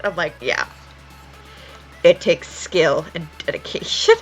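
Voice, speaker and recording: A young woman talks casually on a stream, swearing freely as she tells stories. Her voice is low-pitched but bright, with a gravelly edge and a lively, wide-ranging delivery. Soft music plays behind her. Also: normal speed, poor audio. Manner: chatty, swears freely, animated storytelling. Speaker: art streamer. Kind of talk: casual chat while drawing.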